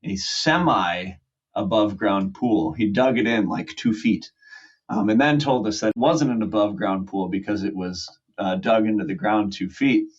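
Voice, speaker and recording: A man's voice: on the low side, normal speed, slightly rough. A man in his forties, a podcast guest, telling a long story with fillers and restarts and acting out what people said. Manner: rambling with fillers and restarts, acts out quotes. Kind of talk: casual storytelling. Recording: muffled lo-fi audio.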